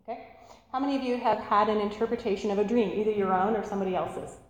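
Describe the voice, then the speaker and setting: A woman teaching an interactive sermon, animated and laughing, asking the audience questions. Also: mid-range voice, quick pace. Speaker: church teacher. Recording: echoey hall, faint room noise.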